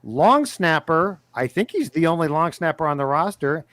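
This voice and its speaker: Male podcast co-host, brisk news reader, slightly high voice, dry booth. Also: a bit bright, no room sound. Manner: brisk, reads lists of names in quick bursts. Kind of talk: casual sports talk, reading roster news.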